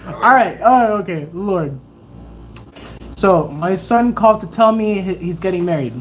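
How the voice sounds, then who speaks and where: A woman's voice: mid-range voice, unhurried, slight background noise, low-quality recording. A woman in her twenties, a Navy sailor, chatting casually on a livestream Q&A and telling stories with lots of laughter. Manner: animated, laughing storyteller.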